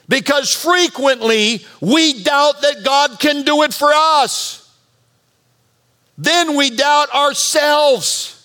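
Pastor, male, high bright voice, lively joking sermon delivery. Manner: animated, bantering preacher. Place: church sanctuary.

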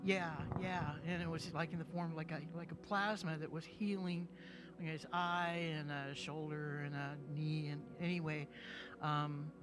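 A man's voice: fairly high pitch, flat delivery, moderate pace, music in the background. A man from the congregation sharing a church testimony in a rambling, hesitant way with many fillers. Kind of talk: casual testimony.

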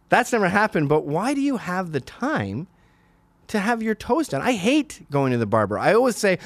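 A man's voice: sits high, very animated, normal speed, no echo. Ranting, crude-talking male podcast host. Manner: crude, ranting, swings into loud outbursts. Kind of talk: comedic monologue.

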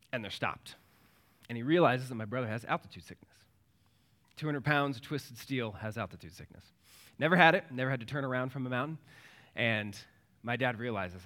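A man's voice: mid-range voice, a bit bright. A man in his thirties, a pastor, preaching a sermon and telling a family story, acting out the voices in it.

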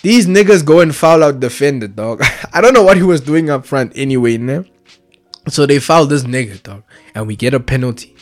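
A young man rants casually about football, excitable and slang-heavy, tagging nearly every phrase with street slang. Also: mid-range voice, normal speed. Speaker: vlogger.

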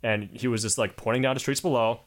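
A man's voice: mid-range voice, fairly even intonation, quick pace. Young man, podcast co-host, casual rant, constant swearing, many fillers. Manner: heavy swearing, rambling, filler-laden. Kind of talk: casual chat.

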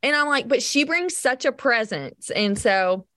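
A woman hosting a podcast chats in an enthusiastic, warm way and laughs readily. Her voice sits a little high. The sound is dry and close. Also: lively intonation, a little slow, dry recording. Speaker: podcast host. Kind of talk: casual interview chat.

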